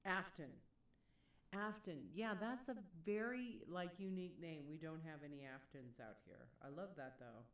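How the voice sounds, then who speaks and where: A woman's voice: on the low side, normal speed, echoey room, recorded from a distance. A woman chatting casually on a live stream, reading chat messages aloud and laughing often.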